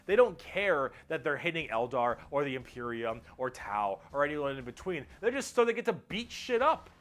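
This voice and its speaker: A man's voice: a little high, very animated, moderate pace, a bit bright. A man narrating a comedic, casual explainer video in an irreverent tone, swearing and using mock-dumb phrasing.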